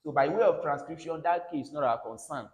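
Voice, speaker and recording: Male pronunciation teacher, slightly high voice, repeats words and checks in with "all right?", echoey room. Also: brisk, darkish tone. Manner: drills words aloud, tags lines with "all right?". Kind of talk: classroom phonics lesson. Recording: roomy echo.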